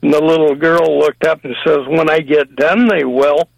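A man phones in to a radio show and tells a joke with a slow, steady delivery. His voice is gravelly and a bit high for a man. The line sounds dry and close. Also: no echo, rough recording. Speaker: caller. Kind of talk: telling jokes on a call-in.

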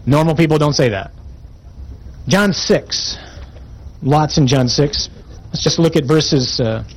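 A man's voice: on the high side, darkish tone, breathy edge, low-quality recording. A man preaching a sermon, reading scripture aloud and commenting on it with emphatic, rising intensity.

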